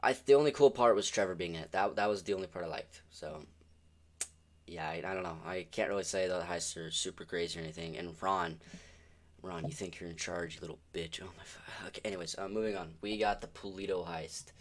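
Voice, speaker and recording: A man's voice: sits low, fast talker. A young man giving casual, rambling commentary on video games, swearing often and sounding exasperated. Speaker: gaming video creator.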